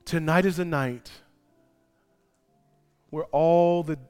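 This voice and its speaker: A male pastor preaching a sermon, moving from quiet personal storytelling to loud, impassioned preaching. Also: a little high, steady tone, slow pace, smooth, faint music behind.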